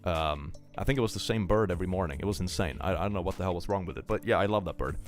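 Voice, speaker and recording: A man's voice: deep voice, very fast, soft background music. A young man chatting casually on a live stream, joking and laughing often.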